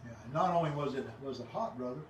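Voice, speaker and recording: A man joining a casual Bible discussion, speaking earnestly with a halting, restarting manner. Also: mid-range voice, slight background noise. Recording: roomy, distant mic with faint ambience.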